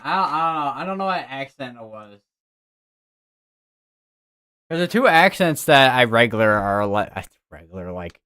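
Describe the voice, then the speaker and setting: A man's voice: medium pitch, expressive, moderate pace, a bit bright, smooth. Chatty young man rambling on stream. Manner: rambling, chatty, self-correcting. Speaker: weather stream host. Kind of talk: casual livestream chat. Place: home room with green screen.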